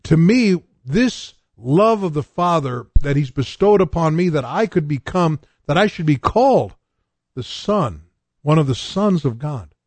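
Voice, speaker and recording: Older man, preacher, from North Dakota, earnest testimony, slightly high voice, dry close mic. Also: lively intonation, unhurried, a little mellow, no room sound. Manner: earnest, personal testimony with scripture reading. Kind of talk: radio sermon.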